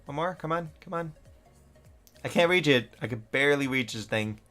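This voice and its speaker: A man's voice: fairly high pitch, animated, moderate pace, fairly bright tone, faint music behind. A middle-aged man from the United States, chatting casually and rambling on a live gaming stream, laughing often and talking to the characters in his game. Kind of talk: casual live-stream chat while playing.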